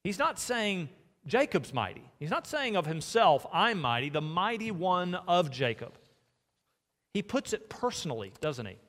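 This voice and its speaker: A man's voice: sits high, big pitch swings, a little slow, a bit bright. A man preaching a sermon in a church, earnest and asking his listeners direct questions. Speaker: pastor. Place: church sanctuary. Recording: long hall reverb.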